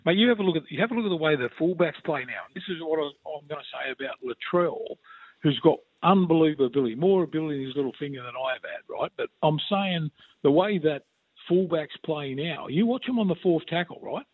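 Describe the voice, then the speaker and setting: An Australian man in his sixties rambles through his stories on sports radio, looping back on his words and calling everyone mate. His voice sits a touch high for a man. It comes down a thin, tinny phone line with no room sound. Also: animated, fast talker, no room sound. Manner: rambling, warm storytelling full of restarts and "mate". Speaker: former player and regular pundit. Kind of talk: casual sports radio chat.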